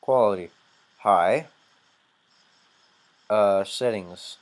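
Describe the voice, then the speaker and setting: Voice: low voice, very slow. A gameplay creator giving casual, joking commentary while playing a horror game. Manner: chatty, joking, swears at glitches. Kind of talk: casual let's-play commentary.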